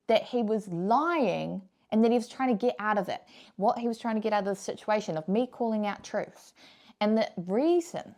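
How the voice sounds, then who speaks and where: A woman's voice: fairly high pitch, mellow. Blunt, swearing young woman vlogger. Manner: blunt and frank, swears freely; emphatic, repeats key points. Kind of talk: casual advice talk to camera.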